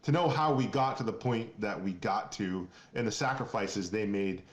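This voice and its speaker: A man from Maine talks as a guest on a casual podcast, earnest and rambling, often restarting his sentences. His voice sits low. The room adds a noticeable echo. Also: normal speed, highs cut off. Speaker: guest, company founder.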